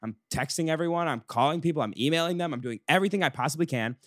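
A man's voice: on the high side, rapid-fire, no room sound, studio quality. Young man ranting on a podcast. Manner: animated storytelling, frequent swearing and restarts. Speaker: podcast host. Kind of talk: casual chat.

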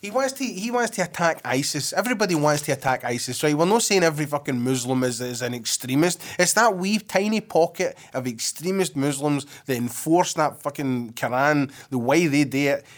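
Scottish man, podcast host, casual chat, sweary, laughing, higher-pitched. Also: moderate pace, hardly any pauses. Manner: sweary, animated, laughs a lot.

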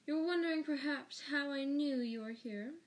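A woman's voice: fairly high pitch, a little slow, close to an everyday voice, low-quality recording. A woman voicing a cold, spiteful male schoolteacher in an audiobook reading, with a sneering, clipped delivery. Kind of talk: audiobook character voice.

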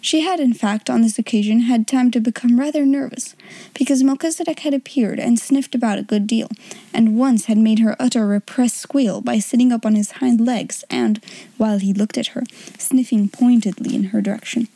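A woman's voice: fairly high pitch, normal speed, mellow, no room sound. A woman hosting an audiobook podcast, chatting casually and reading a children's novel aloud. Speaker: audiobook podcast host and reader.

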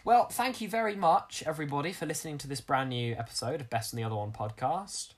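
A man co-hosting a podcast in casual chat, rambling and halting with frequent restarts. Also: on the high side. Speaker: podcast co-host.

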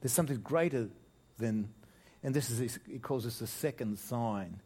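An Australian pastor preaches at a moderate pace in a slightly rough, mid-range voice that swells loudly on key words. He keeps the sermon easy and lively, joking along the way and often stopping to restart his sentences.

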